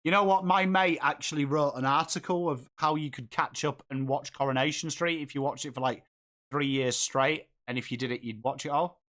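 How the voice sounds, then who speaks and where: Chatty English bloke hosting a footy watchalong. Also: male voice, a little high, a little fast, fairly bright tone. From England. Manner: chatty, reads and answers viewer comments while calling the play. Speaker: host of a live footy watchalong. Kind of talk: casual live-stream chat with commentary.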